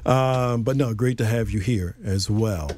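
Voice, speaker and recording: A man's voice: fairly low pitch, a little slow, crowd noise. A man hosting a jazz event, introducing players with casual teasing banter and frequent laughter. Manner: joking, teasing, laughs often. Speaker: host of a jazz session.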